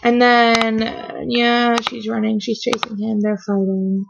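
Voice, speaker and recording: A woman's voice: fairly high pitch, level tone, measured pace, gravelly, slight background noise. A woman filming a rambling, emotional fan reaction vlog at home, gushing and trailing off mid-sentence. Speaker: vlogger reacting to a TV episode. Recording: dull lo-fi webcam audio.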